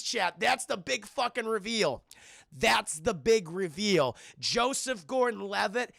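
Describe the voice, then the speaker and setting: Gravelly, excitable male streamer. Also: high voice, unhurried, no room sound, clean studio sound. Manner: excitable, profane, frequently addresses the chat. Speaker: streamer and film reviewer. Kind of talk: casual film recap to a live chat.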